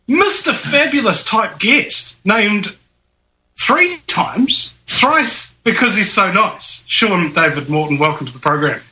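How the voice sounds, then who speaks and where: High bright kiwi-born guy hosting, voice jumps all over the place. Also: poor audio. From New Zealand. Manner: animated, jokey, swings between high and low voices. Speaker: host. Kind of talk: casual conspiracy talk show.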